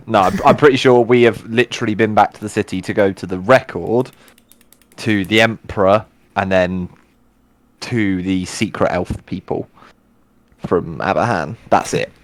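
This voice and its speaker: Lowish voiced guy, joking around at a tabletop game, dry close sound. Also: unhurried, no echo. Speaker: player. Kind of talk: casual tabletop game chat.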